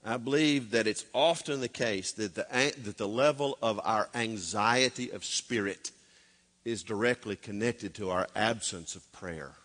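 A middle-aged man delivers a sermon with a bright, forceful tone. He swings between loud, urgent preaching and quiet, confiding storytelling. His voice trails off into a long hall reverb. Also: on the low side, a little slow. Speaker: pastor.

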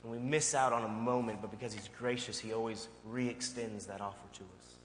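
A male pastor preaching a sermon and telling a personal story in a conversational, animated way. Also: fairly low pitch, a little fast. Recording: long hall reverb, faint hum.

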